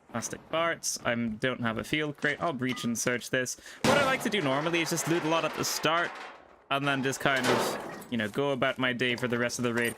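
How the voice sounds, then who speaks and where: A man's voice: mid-range voice, sharp tone, a little hiss or hum. Chatty man streaming a game. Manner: chatty, rambling, thinks aloud. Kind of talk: casual live gameplay commentary. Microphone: desk microphone.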